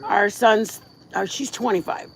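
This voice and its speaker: Rambling, gravelly middle-aged woman outdoors. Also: medium pitch, fairly even intonation, unhurried, a bit bright, slight background noise. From Michigan. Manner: rambling, chatty, full of fillers and restarts. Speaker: livestream host. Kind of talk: casual livestream chat. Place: outdoors at night, crickets around.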